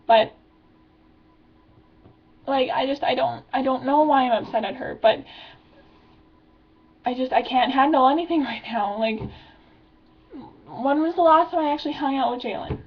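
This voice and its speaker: A woman's voice: high-pitched, steady tone, normal speed, long pauses, lo-fi sound. A stressed teenage girl, venting in a rambling video diary, full of filler words. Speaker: vlogger.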